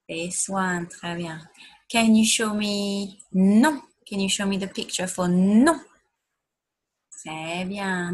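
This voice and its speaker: Slow, breathy-voiced woman teaching children. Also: mid-range voice. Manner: slow, encouraging, models words for pupils to repeat. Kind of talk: online French lesson for young children. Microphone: recorded for an online video lesson.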